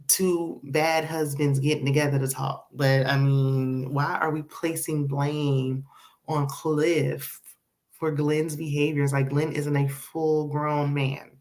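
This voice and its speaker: A sassy woman recaps a reality show in a casual, opinionated vlog. Her voice sits a little low, and she chats freely, laughs often and talks straight to her viewers. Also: darkish tone.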